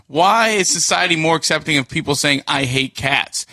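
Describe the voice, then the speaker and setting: A man's voice: a little high, moderate pace, bright, forceful tone, no room sound, clean studio sound. A young man co-hosting a podcast in casual chat, often hesitating and restarting his point. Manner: hesitant, many fillers and restarts when making a point. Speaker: podcast co-host.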